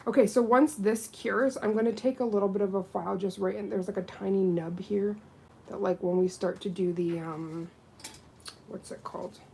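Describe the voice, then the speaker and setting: A woman's voice: medium pitch, moderate pace, creaky, a little hiss or hum, poor audio. A woman doing nails and chatting casually on a livestream while she works. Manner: chatty, with lively quoted voices. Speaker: nail technician.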